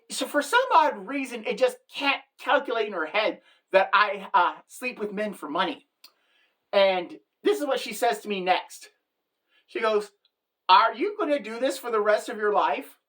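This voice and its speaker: A middle-aged woman telling a comic story as a monologue, animated and deadpan at the punchlines, jumping into the voices of the people she quotes. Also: mid-range voice. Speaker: comedic storyteller.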